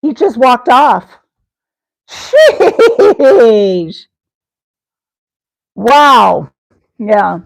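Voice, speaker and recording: A woman's voice: on the high side, sing-song, very slow, gravelly, pauses often, no echo, poor audio. A woman hosting a live stream, rambling through comic bits, giggling and calling out viewers by name. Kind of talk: rambling comedic live chat.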